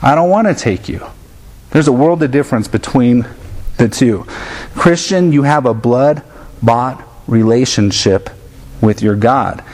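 A man's voice: mid-range voice, a little slow, darkish tone. A man in his thirties preaching a sermon, earnest and direct, now and then acting out his children's voices to make a point. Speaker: pastor.

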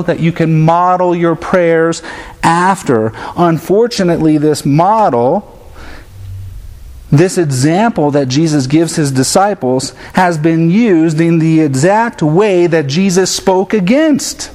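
Pastor in his thirties, earnest sermon delivery, slightly raised pitch, slips into his kids' voices for examples. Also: darkish tone. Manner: earnest preaching that puts on his children's voices in quotes.

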